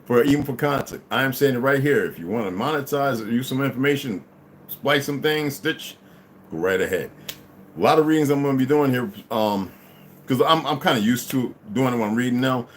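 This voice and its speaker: A man's voice: mid-range voice, expressive, brisk, a little hiss or hum. Tired, laid-back man streaming live. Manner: laid-back, profane, rambling, greets viewers as "beloved". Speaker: livestream host. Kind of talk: casual livestream chat.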